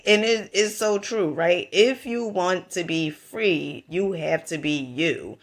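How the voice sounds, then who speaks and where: Slow-talking Southern woman giving pep talk. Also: sits low, expressive, fairly bright tone, faint music behind. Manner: emphatic, preachy, calls the listener honey, asks right? and okay?. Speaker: vlogger. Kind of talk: motivational talk to camera.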